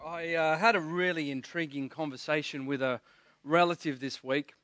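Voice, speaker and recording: A man's voice: on the high side, steady tone, moderate pace, fairly bright tone. A man preaching a sermon, telling stories earnestly and often restarting his words. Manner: earnest storytelling, stammering restarts. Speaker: pastor.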